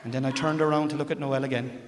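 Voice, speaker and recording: A man with an Irish accent telling a stand-up story on a theatre stage, moving from a confiding tone to loud punchlines. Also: medium pitch, steady tone, quick pace, heavy background noise. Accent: Irish, Cork. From Ireland. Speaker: stand-up comedian. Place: large theatre stage with audience. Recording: roomy theatre reverb with audience.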